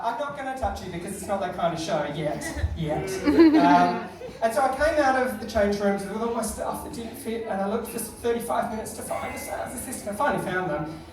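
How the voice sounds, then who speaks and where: An Australian woman doing a live stand-up set, chatty, crude and self-deprecating. Her voice is fairly high and swings lively. The sound echoes heavily through the club from a distant mic, with an audience behind. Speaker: stand-up comedian. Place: comedy club stage.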